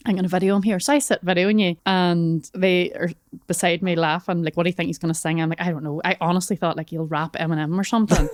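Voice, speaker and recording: A woman co-hosting a podcast, telling a lively story in casual chat and acting out what people said. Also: lowish voice, dry recording, clean studio sound. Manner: lively storyteller, acts out quoted dialogue. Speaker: podcast co-host.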